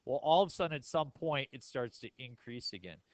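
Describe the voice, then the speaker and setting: A man's voice: medium pitch, animated, a little fast, no room sound, poor audio. A male math teacher giving a classroom lecture in a casual, joking way and asking the class questions.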